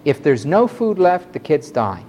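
A man preaching a fiery sermon to a congregation, swinging from loud outbursts to low, quiet asides. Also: sing-song, a little slow, a little hiss or hum. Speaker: pastor.

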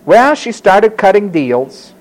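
Animated high-voiced male preacher. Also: slow pace, rough recording. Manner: animated, acts out quoted voices. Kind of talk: sermon.

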